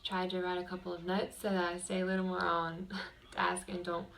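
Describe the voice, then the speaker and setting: A woman's voice: lowish voice, monotone, fairly quick, vocal fry, a bit bright, a little hiss or hum. A young woman vlogging from her bedroom, chatting casually to the camera with lots of fillers. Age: young adult. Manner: chatty, rambling, with many fillers.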